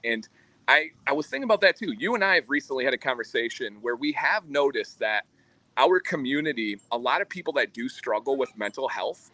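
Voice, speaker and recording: A man's voice: mid-range voice, bright, forceful tone, no echo, low-quality recording. A man co-hosting a livestream, earnestly telling a story about his community. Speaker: co-host. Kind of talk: livestream chat.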